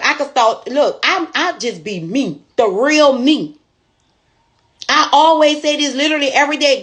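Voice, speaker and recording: A woman's voice: sits high, a bit bright. A woman store owner telling a motivational testimony in a folksy, preachy storytelling way.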